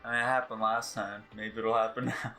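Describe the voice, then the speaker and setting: A man's voice: lowish voice, little pitch movement, brisk, pushed and bright, faint music behind, low-quality recording. A man chatting casually and encouragingly while playing a story game with a friend. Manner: laid-back, encouraging. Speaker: let's play co-host.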